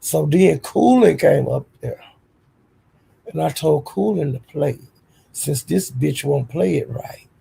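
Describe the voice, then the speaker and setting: A woman livestream host tells a story in a heated, profane rant. Her voice is dark and mellow in tone, yet heavily gravelly and very husky. She scolds and jumps between storytelling and insults. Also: deep voice, expressive, slow.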